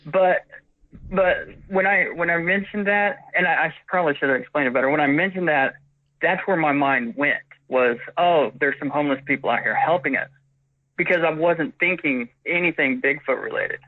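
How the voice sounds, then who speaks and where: A man's voice: on the high side, moderate pace. A man in his forties, a witness on a phone interview, telling his story in a rambling way and acting out what was said. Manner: rambling, acts out quoted dialogue. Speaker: witness caller. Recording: tinny phone line.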